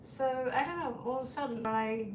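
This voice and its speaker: Brief: Norwegian-accented woman, tarot-reader livestream chat, slightly high voice, speaks from away from the mic. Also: brisk, background noise. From Norway. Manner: rambling, chuckling, swears casually. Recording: echoey room, distant from mic.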